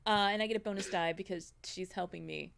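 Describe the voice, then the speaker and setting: A woman's voice: mid-range voice, fairly even intonation, a little fast, vocal fry, a bit bright, a little hiss or hum. A woman playing a tabletop role-playing game, chatting casually, giggling and hesitant. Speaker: player.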